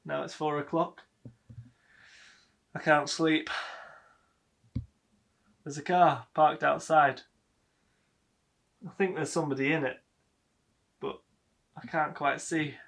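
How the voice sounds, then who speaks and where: A man's voice: fairly high pitch, fairly even intonation, slow pace, creaky, long pauses, a bit bright, full character voice. A man playing a fussy son, dry and pedantic. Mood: uneasy. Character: fussy, pedantic middle-aged son living with his mother. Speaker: actor playing a grown son. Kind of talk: filmed stage monologue.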